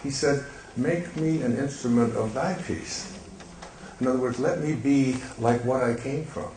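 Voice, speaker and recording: An older man telling a gentle, meandering story with soft laughs and many fillers. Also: mid-range voice, measured pace, reverberant, a little hiss or hum, poor audio. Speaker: speaker. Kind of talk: reflective storytelling talk.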